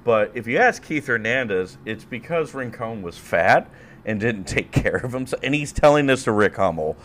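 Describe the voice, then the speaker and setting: A man's voice: medium pitch, expressive, moderate pace, a bit bright, slight background noise. A man hosting a podcast, chatting casually in a rambling, profane way and laughing often. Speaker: podcast host. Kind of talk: casual chat.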